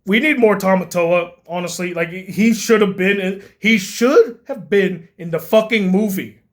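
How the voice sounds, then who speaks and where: A man giving a profane, exasperated comedic movie rant as a film critic, often bursting into shouts. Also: high-pitched, unhurried.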